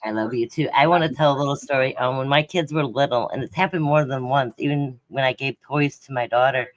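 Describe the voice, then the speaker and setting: A man's voice: medium pitch, a little fast, dry recording. An older man calling in to tell a personal ghost story in a plainspoken way. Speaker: caller.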